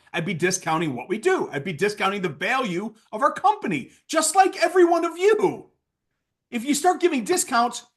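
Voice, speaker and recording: A man giving a casual sales training talk, blunt and worked up, swinging from loud outbursts to low asides.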